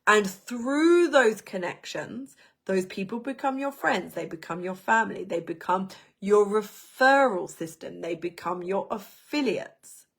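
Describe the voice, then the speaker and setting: A woman coaching a business workshop, talking in an animated, emphatic way and repeating words for emphasis. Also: mid-range voice, a little slow, creaky, breathy edge. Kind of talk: teaching a workshop lesson.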